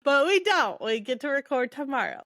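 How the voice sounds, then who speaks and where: Woman co-host with a slightly high voice, wry and quick to laugh, dry mic. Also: lively intonation, a bit bright, no room sound. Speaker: podcast co-host. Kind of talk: casual book-club chat.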